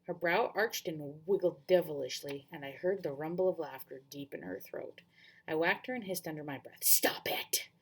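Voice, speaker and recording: A woman teacher reading a novel aloud to students, expressive and often correcting herself mid-sentence. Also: deep voice, normal speed, husky.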